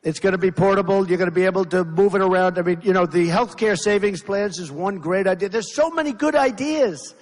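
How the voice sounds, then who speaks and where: A man's voice: high voice, fairly even intonation, fast, few pauses. A man giving a campaign rally speech, rambling and repetitive, with emphatic asides to the crowd. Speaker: political candidate. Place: large rally venue. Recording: long reverb of a big hall.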